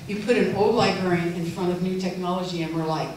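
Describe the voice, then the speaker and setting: An older woman giving a heartfelt, gently humorous farewell speech at a library event. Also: fairly low pitch, fairly even intonation, quick pace. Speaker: farewell speaker. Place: event room. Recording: echoey hall from far off, faint noise.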